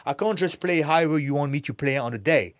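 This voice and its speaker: A man's voice: a little high, fast, no room sound, clean studio sound. Blunt, intense man swearing freely. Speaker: guest, actor and former fighter. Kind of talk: candid podcast interview talk.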